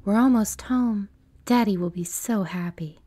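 A woman's voice: mid-range voice, a little slow, dark tone, voice pushed up, natural voice. A woman voicing an eerie chorus of small lost children in a sing-song way, in a story reading.

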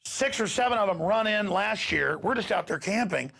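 A man's voice: high voice, animated, normal speed, vocal fry, sharp tone. A man hosting a talk show, giving an impassioned, ranting monologue and acting out quoted exchanges.

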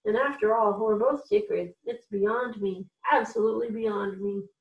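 A woman's voice: mid-range voice, a little slow, recorded from a distance, highs cut off, close to an everyday voice. A proud, moody pharaoh speaks in a grand, commanding way that slides into weary wistfulness, as a woman reading a storybook puts him on. The room rings with echo. The voice sits back from the microphone. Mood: wistful. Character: moody, grand ancient Egyptian pharaoh, man. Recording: echoey room, voice off-mic.

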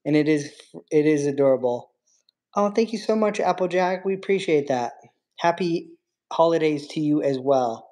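Woman host, low mellow voice, lively swoops, casual stream chatter with her bird. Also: normal speed. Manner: chatty, reads viewer comments, coos baby talk to her bird. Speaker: livestream host with pet bird. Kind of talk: casual livestream chat.

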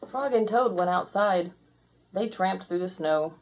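Slow, husky woman reading a children's story. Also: on the low side. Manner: gentle, measured narration. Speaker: storybook reader. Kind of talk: children's story read-aloud.

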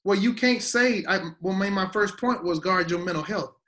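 Guest pastor, man, fairly high voice, preacher's emphatic cadence. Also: moderate pace, fairly bright tone. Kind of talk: preaching-style teaching conversation.

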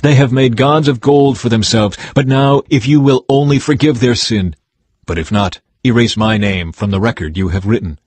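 A man's voice: mid-range voice, moderate pace, a little mellow, no room sound, close to an everyday voice. A man reading as pleading Moses. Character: Moses, pleading older male leader.

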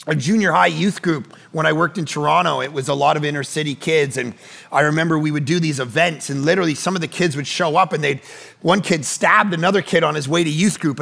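Gravelly high-voiced male pastor preaching. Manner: conversational storytelling with rapid asides; animated, acts out quoted people. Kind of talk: sermon.

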